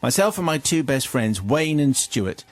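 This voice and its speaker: A man's voice: mid-range voice, big pitch swings, measured pace, dry recording. English man reading letters on radio. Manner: playful storytelling with asides. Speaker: radio host reading listener confessions.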